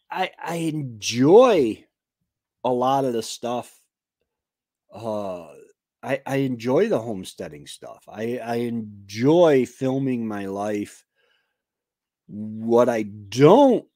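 A man hosting a homesteading livestream, chatting casually and haltingly with many fillers and restarts, and poking fun at himself. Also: medium pitch, darkish tone, no room sound, clean studio sound. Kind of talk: casual rambling chat.

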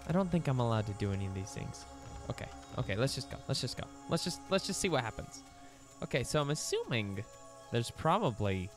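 Excitable young man with a lively voice. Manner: excitable, jumps to squeaky high exclamations. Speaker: let's play host. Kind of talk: casual gameplay commentary.

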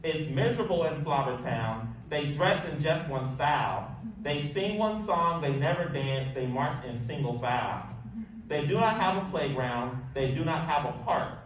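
A man reading a rhyming picture book aloud in a lively, sing-song way. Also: normal speed, recorded from a distance. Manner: lively, sing-song delivery with big pitch jumps. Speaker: storybook reader. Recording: echoey room, voice off-mic, faint hiss.

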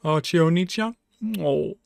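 Male anime reactor, unhurried delivery, dead-dry close mic, swears, talks to the screen. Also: a little high, vocal fry, no room sound, soft background music. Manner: emotional, swears freely, talks back to the screen. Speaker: anime reaction channel host. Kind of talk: live reaction commentary.

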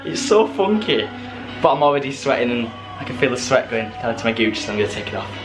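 A young man chatting casually in a vlog, bubbly and jokey, laughing often and jumping up into high squeals. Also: big pitch swings, fast talker, loud music behind the voice. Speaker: vlogger.

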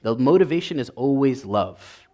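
A man's voice: mid-range voice, lively intonation, moderate pace, mellow. A male priest preaching a sermon with passion, repeating his points for emphasis until he gets worked up. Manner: impassioned, builds to emphatic repetition.

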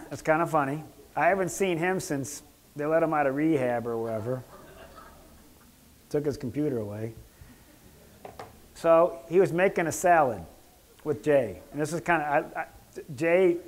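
Male doctor lecturing, jokey, rambling, throat-clearing, slightly high voice. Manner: joking, rambling, clears his throat often. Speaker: doctor giving a health lecture. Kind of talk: casual lecture with anecdotes.

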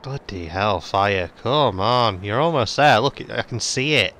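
A man playing a game on video, with a fairly low voice and a bright, forward tone. He jokes and swears sarcastically as he plays. A faint hiss runs under it. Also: lively intonation, a little slow. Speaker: gaming video host. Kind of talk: let's play commentary.

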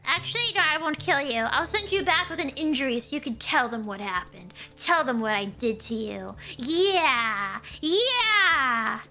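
Woman streamer, high bright voice, animated chatty delivery, faint game music behind. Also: a little fast, few pauses. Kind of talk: casual gameplay chat.

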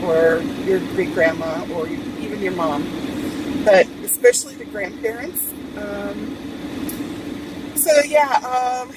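Slow, chatty woman with a Hawaiian lilt. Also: mid-range voice, animated, far from the mic. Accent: Hawaiian Pidgin-tinged. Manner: chatty, meandering storytelling. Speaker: vlog host. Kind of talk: casual vlog chat. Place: in a car with air conditioning. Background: car air conditioning and traffic.

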